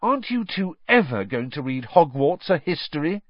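A man doing Hermione, high and insistent. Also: sing-song, moderate pace, dry recording, highs cut off. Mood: lecturing. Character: clever bossy teenage girl, earnest.

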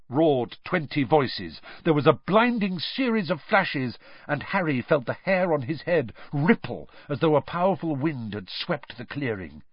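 A man narrating an audiobook with a dramatic, expressive reading, on a slightly dull, dry recording. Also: on the high side, husky, dry recording.

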